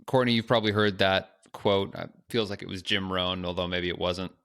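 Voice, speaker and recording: A man's voice: low voice, fairly even intonation, fairly quick, fairly bright tone. A man co-hosting a podcast, chatting in a conversational, rambling way with joking asides. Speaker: podcast co-host. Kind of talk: casual podcast chat.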